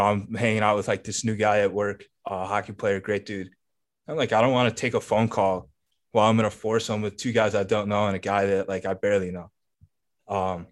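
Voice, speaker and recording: A man with a somewhat low voice co-hosts a casual podcast. He tells a long, rambling story, peppered with curses and filler words. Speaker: podcast co-host.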